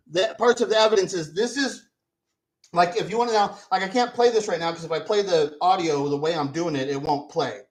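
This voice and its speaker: A man's voice: high voice, rough recording. A man hosting a vlog who rants angrily and profanely, repeating himself as he argues. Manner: angry, profane, repetitive ranting. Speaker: video host. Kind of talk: profane ranting vlog commentary.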